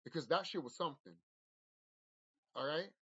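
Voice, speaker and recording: A vlogger with a fairly high, slightly bright, husky voice speaks directly to viewers at a moderate pace, his lively intonation leaping up and down. His spiritual monologue is intense and profane, with frequent repetition and restarted sentences, and the audio is muffled, dull and lo-fi.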